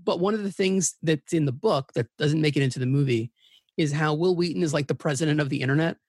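Speaking fast in a slightly high, somewhat mellow voice with a breathy edge, a man chats as a guest on a casual podcast, rambling eagerly and correcting himself mid-sentence. The sound is dry and close, with no room sound at all.

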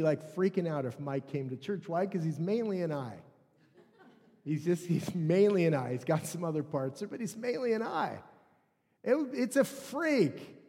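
Animated male pastor in a reverberant church. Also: fairly high pitch. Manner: animated, conversational, jokes with the congregation. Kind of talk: sermon. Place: church hall.

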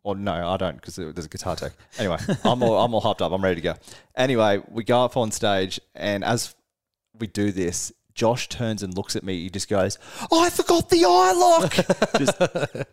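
Low-voiced man telling a rowdy tour story. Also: fairly quick. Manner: animated, laughs often, swears freely. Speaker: podcast co-host, band musician. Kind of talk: casual storytelling chat.

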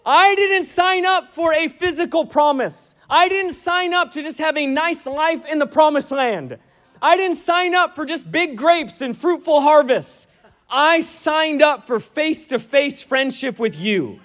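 Animated high-voiced male preacher. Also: measured pace. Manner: animated storytelling, acting out dialogue, emphatic. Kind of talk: sermon.

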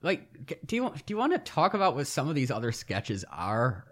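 A man co-hosting a podcast, chatting casually in an animated, teasing way. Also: medium pitch, a little fast. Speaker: podcast co-host. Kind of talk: casual chat.

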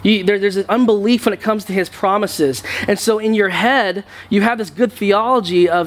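A man's voice: high-pitched, fairly even intonation, moderate pace, hardly any pauses. A man preaching a sermon to his church in a conversational way, often repeating words as he goes. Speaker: pastor. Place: church sanctuary.

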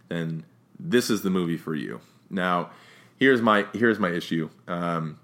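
A man with a very low, deep voice talks through a film review in a loose, offhand way. He rambles and restarts often, and livens up when he gets to his complaints. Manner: rambling, frequent restarts and fillers; opinionated, gets more animated when critiquing. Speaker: movie reviewer. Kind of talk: casual spoken movie review.

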